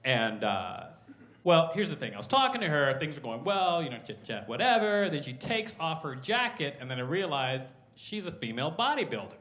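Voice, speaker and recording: A man performing a stand-up comedy routine on a club stage, talking in excitable loud bursts and putting on voices for his characters. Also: fairly high pitch, moderate pace. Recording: roomy live club sound, crowd laughter.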